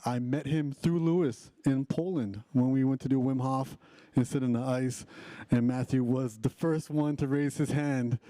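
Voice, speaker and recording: Dark-voiced man, chatty live host. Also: mid-range voice, no room sound. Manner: upbeat, chatty, with frequent restarts. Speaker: host of a live online event. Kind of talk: casual live hosting.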